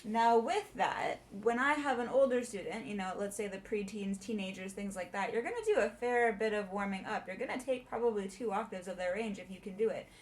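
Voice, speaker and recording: A young adult woman voice teacher explaining warm-ups in a chatty way and singing short demonstrations. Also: mid-range voice, brisk, hardly any pauses. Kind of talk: casual video lesson.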